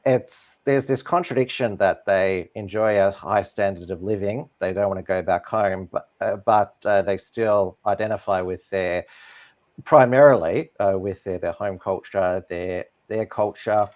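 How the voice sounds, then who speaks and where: Low-voiced hesitant man. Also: measured pace, darkish tone, muffled recording. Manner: hesitant, repeats words. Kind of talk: casual political chat.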